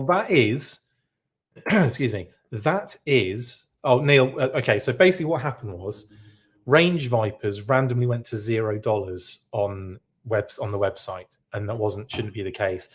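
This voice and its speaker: A man hosting a live podcast who reacts to news in a casual, rambling way and keeps correcting himself. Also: on the low side. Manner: rambling, self-correcting, chatty. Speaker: podcast host.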